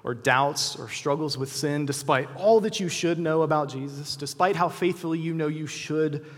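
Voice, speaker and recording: A man preaching a sermon as pastor, earnest and animated, acting out quotes in lively voices. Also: a little high, moderate pace, big-room sound.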